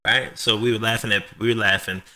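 A man's voice: lowish voice, fairly even intonation, quick pace, bright, forceful tone, a little hiss or hum. A young man co-hosting a casual podcast chat, joking and slangy, dropping "yo" into his sentences. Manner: slangy, joking, says "yo" a lot. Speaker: podcast co-host.

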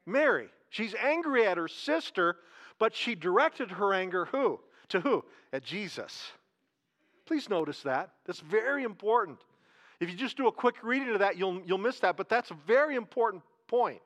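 A pastor with a notably high-pitched voice delivers a sermon like a chat with his congregation. He asks questions, repeats his key lines and draws out words for emphasis. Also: animated, normal speed, a bit bright.

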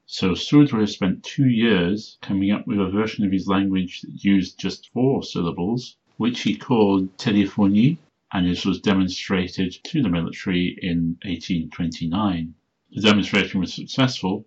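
Deep-voiced man explaining a language. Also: muffled recording. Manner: methodical, reads out word lists slowly. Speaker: podcast host. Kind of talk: solo explanatory podcast talk.

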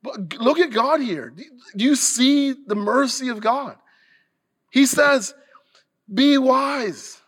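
High-voiced, unhurried male pastor preaching. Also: animated, fairly bright tone, breathy edge. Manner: earnest, emphatic preaching with restarts. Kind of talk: sermon.

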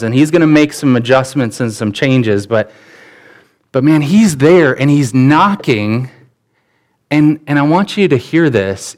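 A man preaching a sermon as pastor, earnest and conversational, often repeating his phrases as he builds a point. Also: mid-range voice.

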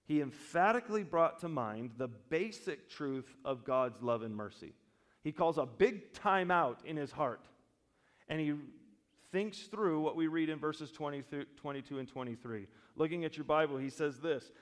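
A man preaching a sermon as pastor, switching between loud emphatic stretches and quiet, slow reflective passages, with humorous asides. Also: fairly high pitch, animated. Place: church sanctuary. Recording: long church reverb.

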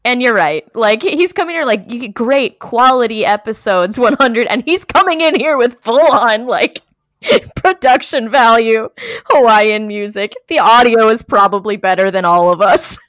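A woman's voice: on the high side, lively intonation, normal speed, a bit bright, no room sound. A woman co-hosting a podcast, chatting in a giggly, effusive way on a close mic. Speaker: podcast co-host. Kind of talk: casual chat.

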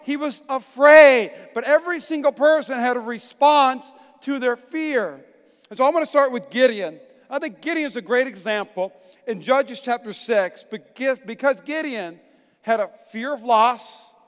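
A middle-aged pastor preaching a sermon, swinging from hushed tones to emphatic shouts. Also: male voice, very high-pitched, a little slow. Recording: long echoing reverb.

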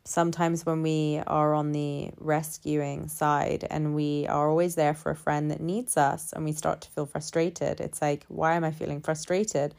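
Low-voiced woman, calm and measured. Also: vocal fry, clear, resonant tone. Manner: calm, measured, builds repeated phrases in lists. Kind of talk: reflective personal monologue.

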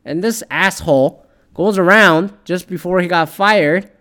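A man rants about football in a loose, profane, sarcastic way, wandering off on tangents and packing his talk with fillers. His voice sits a little high for a man and comes through smooth and resonant. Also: measured pace, sharp tone. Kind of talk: casual opinionated sports rant.

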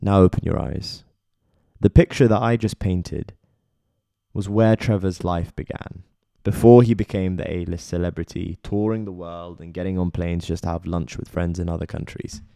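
A man reading scripted biographical narration in a measured way, speaking straight to the listener. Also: deep voice, fairly even intonation, vocal fry, mellow, no room sound, studio quality. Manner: measured, addresses listener directly. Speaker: documentary narrator.

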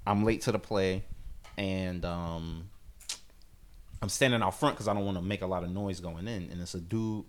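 Low-voiced man telling a story. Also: fairly even intonation, normal speed. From United States. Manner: laid-back storyteller, slang-heavy. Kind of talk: casual storytelling chat.

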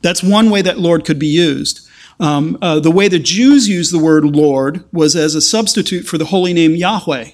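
This sermon comes from a man whose voice sits on the high side. He's earnest but halting, with frequent restarts that climb into emphatic passages.

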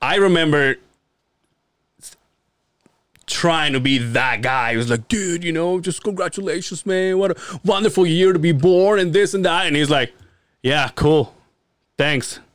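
A man co-hosting a podcast in casual chat, telling animated stories, acting out quotes and swearing freely. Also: a little high, moderate pace, no room sound. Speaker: podcast co-host.

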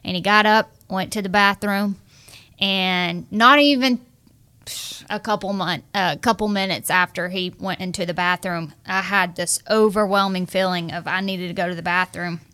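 A woman's voice: medium pitch, clear, resonant tone. A young adult woman earnestly telling a personal story from her marriage, acting out the dialogue. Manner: earnest, animated, acts out quoted dialogue.

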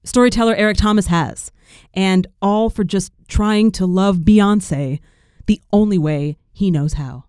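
Smooth, dry-sounding podcast host. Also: medium pitch, measured pace, darkish tone, no room sound. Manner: wry, conversational. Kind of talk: scripted introduction.

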